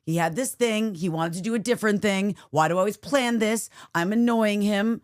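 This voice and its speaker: A woman in her thirties co-hosting a podcast, chatting casually and telling an animated story, acting out the lines of the people in it. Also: mid-range voice, normal speed, smooth, dry recording, studio quality. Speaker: podcast co-host. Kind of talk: casual chat.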